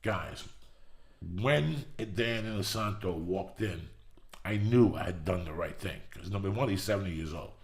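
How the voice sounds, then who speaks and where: A middle-aged man hosting a podcast, telling a long story with constant swearing and rising excitement. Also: low-pitched, measured pace, reverberant. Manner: profane, animated storytelling. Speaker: podcast host. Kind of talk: storytelling monologue.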